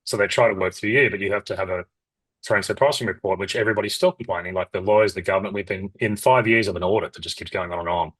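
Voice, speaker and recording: A middle-aged Australian man, a company founder, talking in a rambling, animated way with lots of restarts and asides in an interview. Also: deep voice, fast, slightly rough, no echo, low-quality recording. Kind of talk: casual interview talk.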